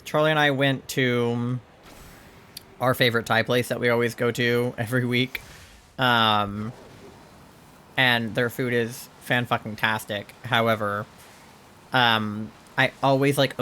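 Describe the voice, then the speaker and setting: A man's voice: medium pitch, steady tone, normal speed, sharp tone, a little hiss or hum. A man streaming a game, chatting casually and rambling, with frequent swearing and lots of "like" and "um". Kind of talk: casual chat while gaming.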